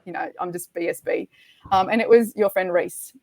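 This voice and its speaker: A middle-aged woman, a podcast guest, telling a race story in a lively, animated way and acting out the quotes. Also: on the low side, moderate pace, gravelly, dry recording. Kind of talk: storytelling in casual chat.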